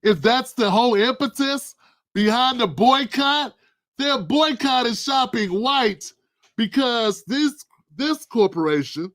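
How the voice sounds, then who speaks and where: A man hosting his own political commentary livestream, talking in an animated, preachy, colloquial way. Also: high-pitched, no room sound, studio quality. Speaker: livestream host.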